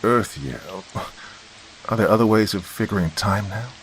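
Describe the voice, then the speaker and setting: Male reader doing a haughty, unnerved man from the past, low voice, odd accent, storybook reading. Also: animated, moderate pace, slight background noise, poor audio. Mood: tense, imperious. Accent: odd, unfamiliar accent. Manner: imperious, distraught.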